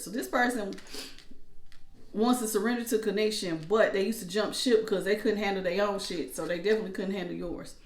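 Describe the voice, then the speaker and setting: A woman reads tarot cards in a loose, chatty way, with features. She slips into acted-out asides as she explains. Her voice sits at a middle pitch and echoes around the room. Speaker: tarot reader. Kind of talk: casual tarot reading.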